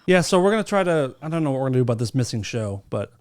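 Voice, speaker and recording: A man's voice: mid-range voice, big pitch swings, racing, a little mellow. Joking, profane male podcast host. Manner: joking, profane, playful teasing. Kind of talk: casual podcast chat.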